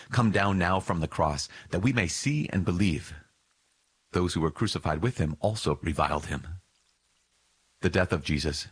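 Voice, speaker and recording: Deep husky man reading scripture. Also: no echo. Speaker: scripture reader.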